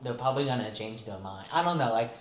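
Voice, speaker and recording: A man's voice: medium pitch, expressive, fast. Young man, casual podcast co-host, rambling, filler-heavy, echoey apartment room, faint background hum. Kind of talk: casual chat.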